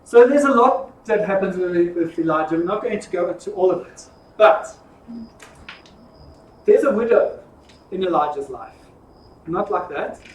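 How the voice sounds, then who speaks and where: A man teaching an informal Bible study, telling the stories in a lively, jokey way. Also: high-pitched, moderate pace, long pauses. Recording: echoey room from far off.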